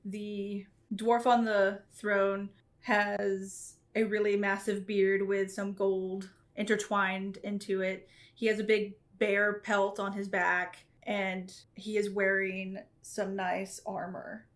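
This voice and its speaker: A woman game master narrating a tabletop game, setting scenes slowly and descriptively. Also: mid-range voice, little pitch movement.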